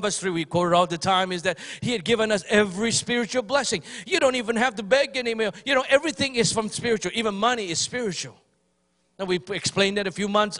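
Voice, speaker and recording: Male pastor, high voice, fervent Sunday sermon, repetitive emphasis, church setting. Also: a bit bright, long reverb tail. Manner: fervent, repetitive, mimics pleading prayers.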